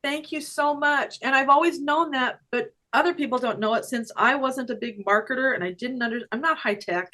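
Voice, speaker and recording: An older woman, a guest energy healer, telling a personal story in casual talk over a video call, animated and laughing often. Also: sits high, brisk, hardly any pauses, low-quality recording. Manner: animated, laughs often, acts out her own quotes.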